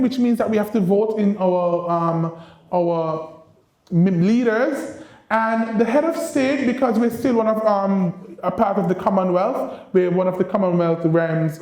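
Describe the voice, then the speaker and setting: A man from Saint Kitts and Nevis, an ambassador giving a lively university lecture and coaxing the audience to repeat phrases like a teacher. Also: high voice. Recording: roomy lecture-room echo.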